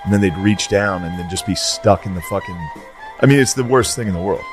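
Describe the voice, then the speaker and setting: A man's voice: on the low side, a little fast, over music. A man in casual chat who describes things vividly and with emphasis.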